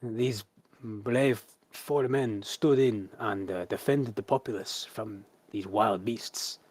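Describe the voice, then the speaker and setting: A man's voice: medium pitch, moderate pace, husky, no room sound. A man voicing a nervous, deferential male guard captain.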